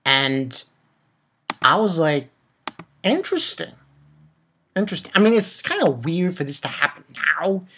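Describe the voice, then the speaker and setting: A man reviewing a manga chapter in casual chat, excitable and rambling, with many fillers and exclamations. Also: on the high side, measured pace, gravelly, husky.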